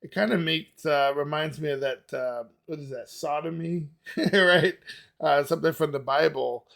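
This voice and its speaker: A man's voice: a little high, moderate pace, vocal fry, a bit bright. A man hosting a music reaction, thinking aloud casually with lots of fillers and restarts. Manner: musing aloud, many fillers and restarts, laughs easily. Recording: music playing behind the voice.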